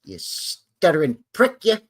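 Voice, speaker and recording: A man putting on a hot-tempered mobster, tough-talking and quick to throw insults. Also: a little high, huge pitch swings, husky, voice pushed up, full character voice. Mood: blustering.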